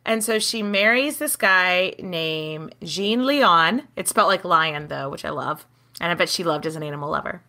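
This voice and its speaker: A woman co-hosting a casual history podcast, telling the story with lively acted-out quotes and casual swearing. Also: fairly low pitch, moderate pace. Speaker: podcast co-host.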